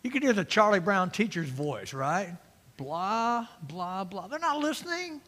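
A middle-aged man preaching an emphatic sermon as pastor, swinging between loud and quiet. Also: high-pitched, wildly swooping pitch, moderate pace. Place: church sanctuary. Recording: long reverb of a church hall.

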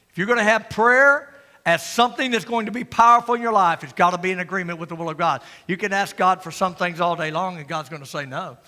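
An older man preaching a sermon in a folksy, joking way, moving between loud preaching and quiet asides. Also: sits high, quick pace, big-room sound. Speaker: pastor. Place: church sanctuary.

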